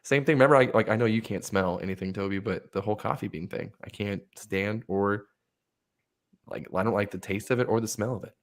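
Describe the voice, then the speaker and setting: A young man co-hosting a casual show, telling stories in an animated way and swearing a lot. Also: fairly low pitch, a little fast. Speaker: podcast co-host. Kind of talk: casual banter.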